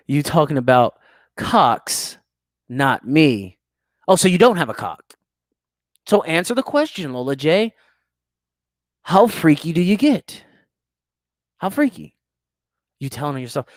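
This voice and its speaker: A man's voice: a little high, darkish tone, dry recording, studio quality. A young man, hosting a crude, teasing podcast chat and laughing often. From United States. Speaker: podcast host. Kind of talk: casual chat reading live chat.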